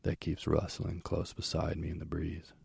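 A brave young hero who keeps asking what he cannot see, read by a man. The voice is very low and gravelly, with a husky edge. It stays dark and flat. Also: moderate pace, dry recording, clean studio sound, full character voice. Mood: puzzled. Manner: questioning.

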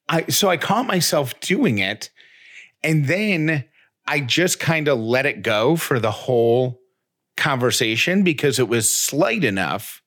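A man's voice: mid-range voice, fairly bright tone. A man co-hosting a podcast, telling a story in casual chat, rambling and poking fun at himself, with many restarts. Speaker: podcast co-host.

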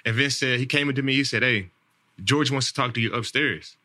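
Bright and forceful, this man's medium-pitched voice moves a little fast. He's an NFL player in his thirties hosting a podcast, wandering casually through a story with lots of repeated words, "man," and "like."

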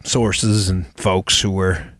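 A man's voice: low voice, level tone, slow, a bit bright, no room sound, studio quality. A man hosting a casual political talk show, joking with his producer and speaking directly and emphatically to his listeners.

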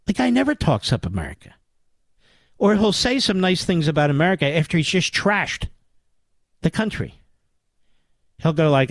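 A man's voice: sits high, wildly swooping pitch, moderate pace, pauses often, no echo. An older man from the Philadelphia area hosting a political talk radio show, delivering an indignant, sarcastic monologue.

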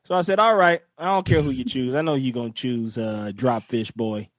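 A man's voice: medium pitch, normal speed, dry recording. A man, a comedian guest, chatting casually in a playful, slangy way with stammering restarts. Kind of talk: casual recap chat.

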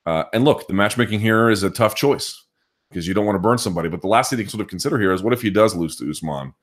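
A man hosting a live podcast chat, thinking out loud and restarting his sentences as he answers viewers' questions. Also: fairly low pitch, racing. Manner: thinking aloud, frequent restarts and hedging. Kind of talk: casual live chat commentary.

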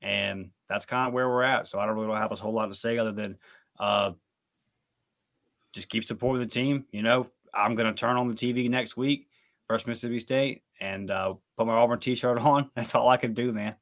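Man, sports podcast co-host, casual recap chat, heated emphatic rants, middle-pitched voice. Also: steady tone, brisk, creaky, fairly bright tone.

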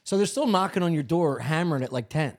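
A man's voice: fairly high pitch, lively intonation, fast, a little mellow. A man co-hosting a comedy podcast in casual chat, telling a story with lots of animation and swearing. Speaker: podcast co-host.

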